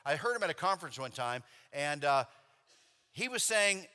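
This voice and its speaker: Animated male preacher telling stories. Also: on the high side, normal speed. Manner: animated, acts out dialogue, casual fillers. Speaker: convention speaker. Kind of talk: sermon with storytelling. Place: church sanctuary. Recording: long hall reverb in a church.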